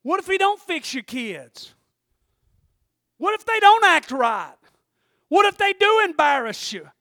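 A man preaching with fire in a drawl, his voice sitting unusually high and ringing bright and forceful. He swings from low, hushed asides to loud shouted calls to the congregation. The sound is dry and close. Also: big pitch swings, a little slow, dry recording. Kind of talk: sermon.

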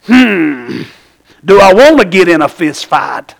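A man's voice: sits high, takes it slowly, gravelly, poor audio. A man, from Tennessee, preaching a folksy sermon and often asking the congregation for an amen. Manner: animated, folksy, calls for amens.

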